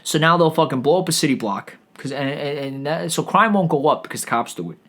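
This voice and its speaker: A man's voice: on the high side, expressive, fast talker, a bit bright. A man hosting a comedy podcast, delivering a sarcastic, profane rant that rambles along with frequent stammered restarts.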